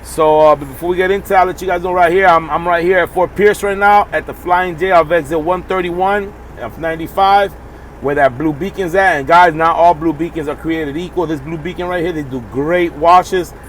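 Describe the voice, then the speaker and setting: Fast-talking profane trucker man. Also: on the high side, steady tone, slight background noise. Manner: fast, profane, heated storytelling. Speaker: truck driver vlogger. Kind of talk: casual vlog storytelling. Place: outdoors at a truck stop.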